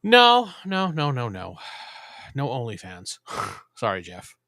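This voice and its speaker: A man's voice: lowish voice, animated, slow, creaky, fairly bright tone, no room sound, clean studio sound. A man hosting a casual live stream chat, laid-back and trailing off with ums.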